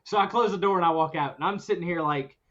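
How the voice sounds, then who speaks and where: A man hosting a podcast, telling a story in a casual chat, animated and often laughing as he goes. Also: sits high, fast. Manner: animated, laughs through his own story. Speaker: podcast host. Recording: dull lo-fi recording.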